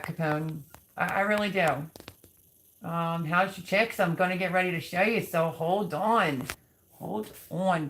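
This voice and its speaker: A woman hosting a casual live stream, chatting with viewers and cooing softly to her chicks. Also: lowish voice. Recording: background noise with bird chirps.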